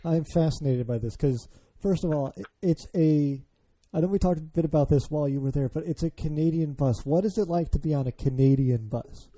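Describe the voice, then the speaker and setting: An American man hosting a casual podcast chat, asking questions with lots of hesitant pauses. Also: on the high side, dark tone. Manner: hesitant, many fillers and restarts, asks questions. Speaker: podcast host.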